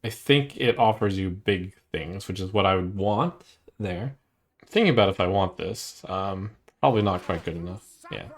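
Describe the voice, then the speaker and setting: Man streamer, lowish voice, casual gameplay commentary, muttering through his options. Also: normal speed. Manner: thinks aloud, weighing plays and second-guessing himself. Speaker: streamer playing a card game.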